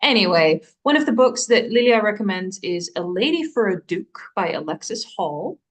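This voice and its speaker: A young woman chats easily as a co-host, with a voice of ordinary middle pitch. She is relaxed and quick to laugh, and sometimes reads a book recommendation aloud. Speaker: bookstore staff co-host. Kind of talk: casual chat.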